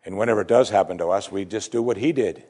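A man preaching a sermon, reading scripture with rising emphasis and dropping low and soft to reflect on it. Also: fast talker, husky. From United States. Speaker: pastor.

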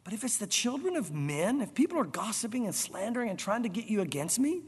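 A man preaching a Bible sermon, animated, acting out the characters' voices with chuckles. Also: sits high, fast talker, hardly any pauses, husky, in a large hall. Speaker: pastor. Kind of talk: expository sermon.

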